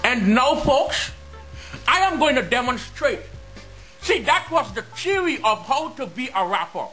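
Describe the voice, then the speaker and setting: A man's voice: very high voice, sing-song, unhurried, pushed and bright, soft background music. A man delivering a mocking, exaggerated comedic rant to his viewers. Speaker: comedy vlogger.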